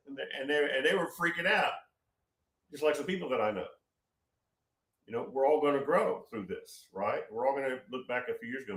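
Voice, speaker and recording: A man's voice: medium pitch, lively intonation, brisk, pauses often, a bit bright. A man gives a loose, storytelling prophetic talk, often restarting and repeating himself. His voice sounds roomy and a little distant from the microphone. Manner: rambling, repeats words, storytelling. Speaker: prophetic speaker. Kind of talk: informal prophetic teaching. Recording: roomy, off-mic.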